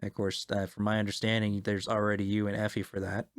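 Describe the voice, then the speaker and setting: A man's voice: lowish voice, completely flat delivery, quick pace, dry recording, studio quality, pitched below the performer's own voice, natural voice. A man voicing a polite, wary young woman academic in a tabletop game, in his own plain voice without an accent. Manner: plain voice, no attempt at an Italian accent.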